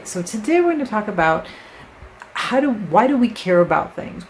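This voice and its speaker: A woman with a low, gravelly voice teaches writing in a relaxed, conversational way, walking through an example step by step and checking in with the listener. A faint background hiss sits under her voice. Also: poor audio. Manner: conversational, explains with examples and frequent "right?". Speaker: writing teacher, channel host. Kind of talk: casual instructional talk to camera.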